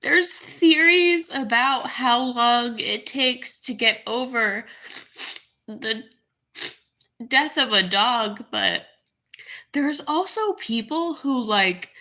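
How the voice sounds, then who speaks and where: A young woman with a bright, sharp voice speaks slowly and haltingly, stopping and restarting often. She sounds caught up in her grief as she talks to camera in a casual monologue. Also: on the high side, animated. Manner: halting, grieving, full of fillers and restarts. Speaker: vlogger.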